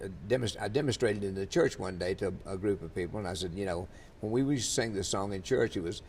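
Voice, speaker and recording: Older man, low voice, rambling interview anecdotes, faint rumble behind. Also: fast, few pauses, a little mellow. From Louisiana, USA. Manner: rambling, many fillers and restarts. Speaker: interviewee, country singer. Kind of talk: storytelling in an interview.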